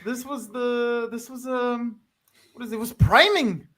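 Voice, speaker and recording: A man speaking as a guest in a casual chat about a film, halting and loose, full of fillers and restarts. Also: very high voice, steady tone, a bit bright.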